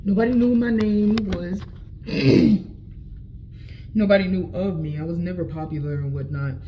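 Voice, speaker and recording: Young woman, casual storytime vlog, animated and slangy, swears freely, slightly dull lo-fi recording. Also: fairly low pitch, normal speed, a little hiss or hum. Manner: animated, profane, slangy, acts out her own quotes.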